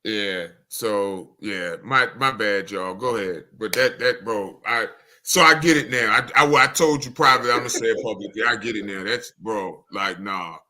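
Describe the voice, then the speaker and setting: A man co-hosting a sports podcast in casual talk, rueful and halting, trailing off. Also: fairly low pitch, pushed and bright. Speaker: podcast co-host.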